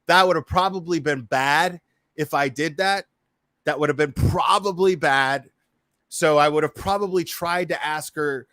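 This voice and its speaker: A man talking over clips in a casual commentary, profane and quick to laugh, stumbling over his own restarts. His voice sits a little high. The sound is dry and close, with no room around it. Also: fairly bright tone, no room sound. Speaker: YouTube commentary host.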